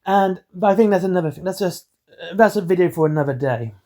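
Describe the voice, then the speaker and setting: A man hosts his own channel and talks straight to camera. His voice sits a little high for a man. He delivers it all in a self-described monotone and wanders from point to point. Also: brisk. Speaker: hobby channel host. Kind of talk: rambling solo commentary.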